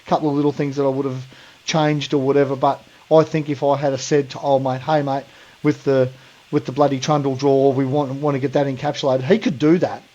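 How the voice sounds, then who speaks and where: A man's voice: mid-range voice, little pitch movement, fast talker, warm tone, dull audio. A man in his forties with an Australian accent, co-hosting a podcast in blunt, sweary casual chat, calling people mate and brother. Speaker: podcast co-host.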